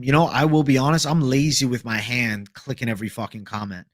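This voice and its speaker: A man's voice: medium pitch, steady tone, brisk, hardly any pauses, dry recording, clean studio sound. A young man casually chatting on a livestream, swearing freely and answering viewer comments. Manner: casual, profane, reads viewer comments aloud. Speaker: livestream host.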